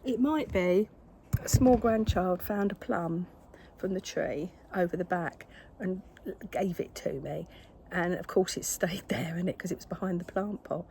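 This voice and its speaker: A woman's voice: on the low side, a little slow, dark tone, a little hiss or hum. An older woman, chatting casually to camera at her craft table at home, scolding her cat in exasperation. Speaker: craft vlogger.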